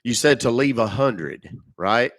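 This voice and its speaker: A man's voice: medium pitch, animated, measured pace, a bit bright, no echo, studio quality. A middle-aged man hosting a casual live stream, loose and joking, swearing freely, coughing and sniffling now and then. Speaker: livestream host baiting scammers.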